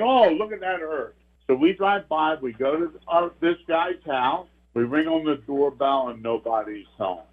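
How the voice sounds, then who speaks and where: An older man tells a ghost story in a vivid, earnest way. His voice comes through a thin, tinny phone line. He sits at an ordinary middle pitch for a man. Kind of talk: telling a personal ghost story.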